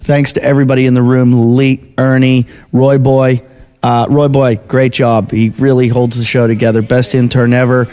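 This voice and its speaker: A man's voice: medium pitch, little pitch movement, normal speed, mellow, smooth. Man hosting a profane comedy podcast. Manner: blunt, profane, wrapping up the show. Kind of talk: casual banter. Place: jiu-jitsu gym.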